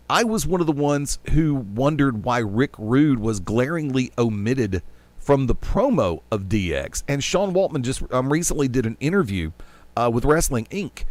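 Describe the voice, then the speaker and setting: A male radio host talking into a headset, rambling through his opinions with a jokey edge. His voice sits at a middling pitch, and the sound is dry and close with no room around it. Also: no room sound. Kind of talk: casual sports talk radio chat.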